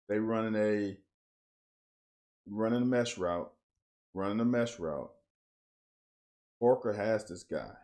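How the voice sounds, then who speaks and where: A man's voice: lowish voice, a little mellow. A man breaking down football game film in blunt, coach-like casual commentary, picking up energy on big plays.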